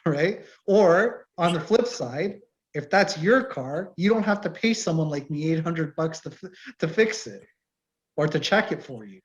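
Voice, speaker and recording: Brief: middle-aged male mechanic-instructor, animated and storytelling, slightly high voice, dull call audio. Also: a little slow. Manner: animated, tells shop stories, acts out customers. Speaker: automotive course instructor and mechanic. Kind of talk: casual online info session. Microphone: video call.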